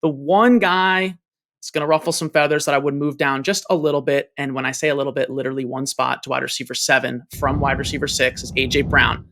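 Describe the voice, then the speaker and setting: A man's voice: medium pitch, level tone, fast, hardly any pauses, pushed and bright. A man who is a guest analyst in a casual sports chat, confidently laying out his reasoning point by point.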